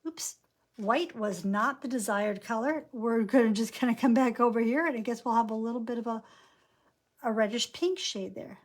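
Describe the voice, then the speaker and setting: A painting instructor with a voice on the high side teaches a live class at a moderate pace. She's chatty, narrating each brushstroke aloud as she works.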